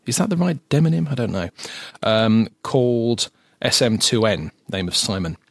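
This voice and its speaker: An adult podcast host from the south of England, with a southern English accent, chats casually, restarting sentences and using lots of fillers; he has lived in his current home for ten years. His medium-pitched voice is animated, moderately paced and has vocal fry. The audio is studio quality with no room sound.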